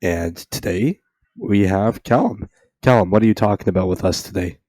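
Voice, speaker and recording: A man's voice: lowish voice, moderate pace, mellow. A man from Ontario with a cold, hosting a hobby podcast in a dry, joking tone. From Ontario, Canada. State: has a cold, hoarse. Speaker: podcast host. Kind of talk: casual podcast chat.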